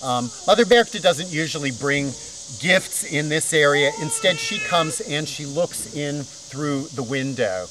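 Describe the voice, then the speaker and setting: A male storyteller spins a folk tale live outdoors, chatty and playful with wry asides. His voice sits a little high. Faint crickets and insects chirp in the open air behind him. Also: expressive, measured pace, noisy background. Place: outdoors at a festival, rural.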